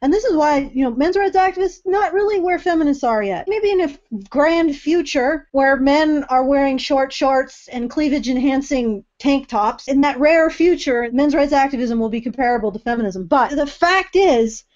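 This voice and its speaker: A woman's voice: high voice, normal speed, few pauses, a little mellow, highs cut off. A woman co-hosting a casual panel discussion, talking with mock-indignant sarcasm. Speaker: podcast co-host.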